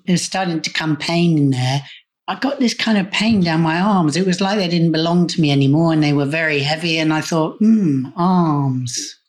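Man telling his story candidly. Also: a little high. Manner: candid, conversational recounting. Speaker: podcast guest, burnout coach. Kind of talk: casual storytelling.

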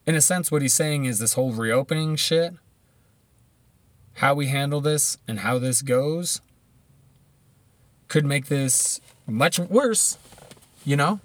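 Blunt, swearing man with a higher voice. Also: lively intonation, slow pace, pauses often, no room sound. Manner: blunt, swearing, rambling with restarts. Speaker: commentator. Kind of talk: profane casual commentary.

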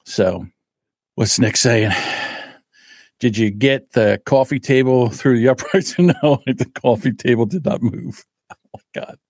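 A man hosting a podcast, telling animated stories, swearing freely and laughing as he talks. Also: medium pitch, measured pace, long pauses, dry recording, studio quality. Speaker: podcast host. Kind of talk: casual storytelling and commentary.

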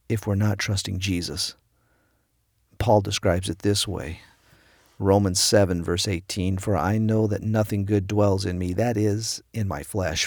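A man's voice: fairly low pitch, a little mellow, breathy edge, dry recording, clean studio sound. A middle-aged man preaching a devotional sermon, telling a personal story and quoting the people in it. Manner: storytelling, quotes people in his own raised voice. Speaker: pastor.

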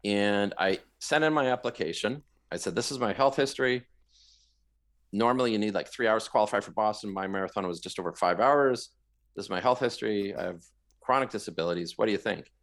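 Gravelly low-voiced man telling his story. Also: a little fast. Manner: animated, repeats words, rambling asides. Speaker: guest. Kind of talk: casual storytelling interview.

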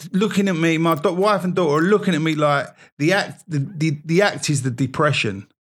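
A man's voice: fairly high pitch, brisk. A man, rambling and self-mocking in casual podcast chat, laughing often as he talks. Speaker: podcast host.

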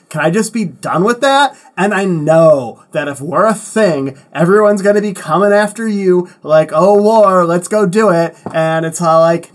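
A man doing a valley-girl Gilgamesh. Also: fairly high pitch. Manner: valley-girl drawl, "like" fillers.

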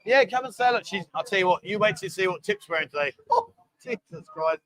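A man's voice: sits high, lively intonation, fast, a bit bright, rough recording. A man hosting a casual live show in a bar, joking, coaxing guests into quizzes and drinking games, calling them darling. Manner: jokey, bossy, coaxing, calls people darling. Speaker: host.

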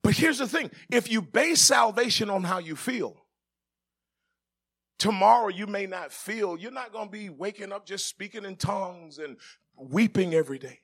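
A man preaching with a high voice that is bright and ringing. He drifts from quiet, joking talk with the congregation to loud shouted preaching. He is a middle-aged pastor. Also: normal speed, breathy edge. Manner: swings from soft conversational asides to shouted preaching; jokes with the congregation, laughing. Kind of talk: sermon.

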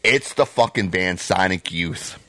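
A man co-hosting a podcast, ranting in a heated, profane way and breaking into loud shouts. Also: sits low, unhurried. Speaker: podcast co-host.

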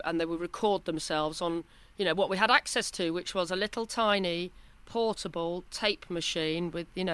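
Animated self-mocking woman in her fifties. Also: fairly low pitch. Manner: animated, self-deprecating storytelling. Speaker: podcast guest, broadcaster. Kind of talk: casual interview chat.

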